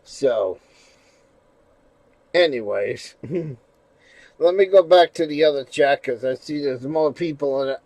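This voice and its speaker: Man, live stream chat, rambling, swears a lot, fairly high voice, dry close sound. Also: slow, pauses often, dry recording, poor audio. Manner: rambling, profane, shifts from mumbling to loud ranting.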